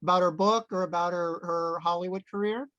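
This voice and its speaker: A woman's voice: on the low side, steady tone, fairly quick, a bit bright, dry recording, lo-fi sound. A woman hosting an interview, asking friendly, appreciative questions and moderating audience questions. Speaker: interviewer host.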